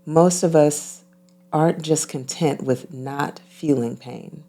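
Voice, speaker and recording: A woman speaking as a guest healer in an interview, calm and measured, repeating phrases for emphasis. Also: deep voice. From United States. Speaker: guest, intuitive healer and physician. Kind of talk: reflective interview talk.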